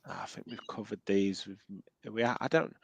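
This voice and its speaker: A man's voice: lowish voice, fairly even intonation, moderate pace, gravelly, slightly rough, dry recording, poor audio. A man with a Midlands accent hosting a casual football podcast, chatting and reading out viewer comments with plenty of ums. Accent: English Midlands. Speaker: podcast host.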